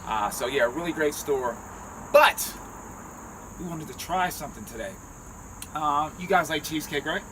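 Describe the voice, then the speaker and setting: A playful, hyped man hosts a casual food-tasting vlog on a city street, his voice sitting a bit high for a man. Steady traffic and street noise run clearly behind him, picked up on a handheld phone outdoors. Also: normal speed, long pauses, poor audio. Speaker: vegan food vlogger.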